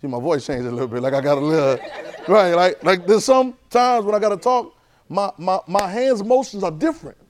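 Man, Bible class teacher, slightly high voice, lively, repeats himself, quizzes the class. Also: a little fast. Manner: lively, repeats phrases, asks the class questions.

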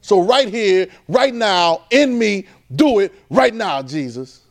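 High-voiced animated male preacher. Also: takes it slowly. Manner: animated, repeats phrases, swings between loud and soft. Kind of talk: informal conversational sermon.

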